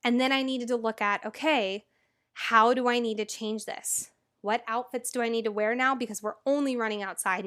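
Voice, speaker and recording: A woman's voice: a little high, fairly bright tone. A young woman hosting her own podcast, talking earnestly and chattily with lots of casual asides. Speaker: podcast host. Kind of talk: motivational podcast monologue.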